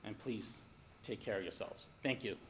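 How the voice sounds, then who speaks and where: A man's voice: on the low side, moderate pace, heavy background noise. Firm man giving public comment. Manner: firm, advising, then softly caring. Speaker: resident speaking at public comment. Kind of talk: public comment at a council meeting. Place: city council chamber.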